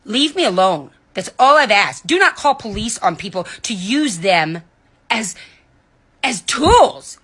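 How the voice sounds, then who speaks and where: Bright-voiced woman ranting angrily. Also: big pitch swings, measured pace, slightly rough. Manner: heated, indignant, cussing, swings between loud outbursts and low muttering. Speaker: vlogger. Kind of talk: angry ranting monologue. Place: at home in bed.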